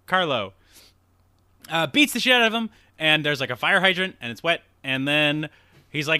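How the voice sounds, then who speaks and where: Podcast host, male, lively and rambling, cusses freely, bright tone, dry close mic. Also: a little high, normal speed, smooth, no echo. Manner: rambling, profane, laughs at himself, acts out quotes. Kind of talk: casual movie recap chat.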